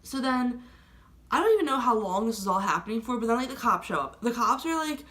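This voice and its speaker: A woman's voice: a little high, sing-song, fast talker, fairly bright tone. A young woman vlogger telling a story in a rambling, casual way, filling nearly every phrase with "like". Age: young adult. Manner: rambling, filler-heavy with constant "like".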